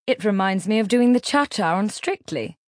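A woman's voice: mid-range voice, lively intonation, moderate pace, no room sound, studio quality, natural voice. A woman voicing a bossy, dramatic middle-aged mother who performs everything, speaking in a haughty, clipped and emphatic way. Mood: playful. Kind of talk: audiobook character voice.

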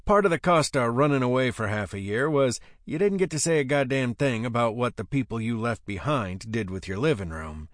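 A man's voice: mid-range voice, animated, a little fast, hardly any pauses, dry recording, clean studio sound. A man reading an audiobook aloud, narrating with a wry, sardonic manner. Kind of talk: scripted narration.

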